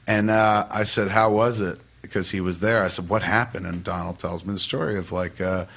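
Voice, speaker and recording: A man's voice: low-pitched, fairly even intonation, a little fast, gravelly, a bit bright, slight background noise. A man casually telling a personal story as a podcast guest, profane and rambling but heartfelt.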